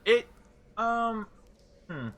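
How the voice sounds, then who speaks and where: A man's voice: extremely high pitch, animated, extremely slow, fairly bright tone, slight background noise. A man acting as game master, reading out scene descriptions and correcting himself as he goes. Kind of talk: narrating a tabletop game.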